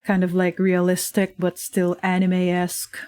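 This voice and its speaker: This woman's voice is fairly low, mellow, and clean, delivered in a monotone at a moderate pace without echo. As a streamer and digital artist, she draws during a casual livestream, rambling with many fillers and frequent laughs at a desk microphone in her home.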